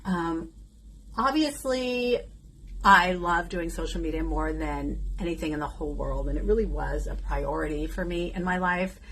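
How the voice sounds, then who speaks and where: A woman's voice: on the low side, moderate pace, low-quality recording. A woman in her fifties talking candidly in a casual vlog while doing her makeup, chatting openly with plenty of fillers. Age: 50s. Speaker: beauty vlogger.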